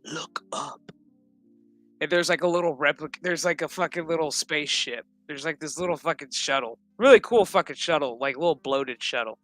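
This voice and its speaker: A man giving a crude, comedic recap of a TV episode, swearing often and slipping into quick mocking impressions of the characters. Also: a little high, fairly bright tone, no echo, soft background music. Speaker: show recap commentator.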